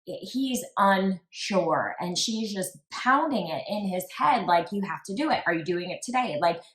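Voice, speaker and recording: A woman's voice: on the low side, fairly bright tone. A woman co-hosting a true crime podcast, talking casually and reading out quotes. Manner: reads quoted texts aloud, conversational. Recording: echoey room.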